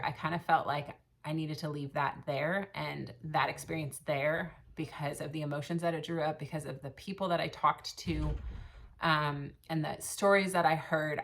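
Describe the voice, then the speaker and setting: A woman's voice: deep voice, vocal fry, a bit bright. A woman in her thirties talking through her stitching plans and a fundraiser in a casual, rambling vlog, with many ums and restarts. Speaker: cross stitch vlogger and shop owner. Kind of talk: casual chat.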